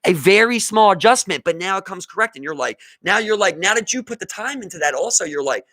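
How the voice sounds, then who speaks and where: A man's voice: sits high, fast. A man from Baltimore with a local accent, co-hosting a podcast in rambling casual chat, saying "bro" a lot and swearing. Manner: animated, says "bro" often, swears, rambling. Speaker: podcast co-host.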